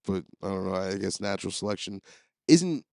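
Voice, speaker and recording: Low-voiced man rambling through comic bits. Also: animated, brisk, creaky, darkish tone, no echo, studio quality. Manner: rambling, profane, jokey storytelling. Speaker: podcast host. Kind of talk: comedic solo monologue.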